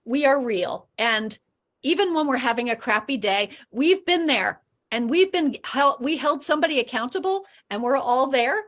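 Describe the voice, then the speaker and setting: A woman with a somewhat high voice tells stories in an animated, chatty way and acts out the people in them. She talks from home over a video call, in a casual group conversation. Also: normal speed. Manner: animated storyteller acting out quotes. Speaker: program member.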